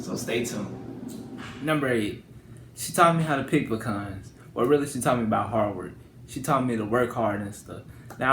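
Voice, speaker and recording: A man's voice: medium pitch, echoey room, slight background noise. A young man from Louisiana with a country accent, telling stories to camera in a loose, rambling way. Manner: loose, rambling, repeats "and stuff". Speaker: vlogger. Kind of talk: casual storytelling to camera.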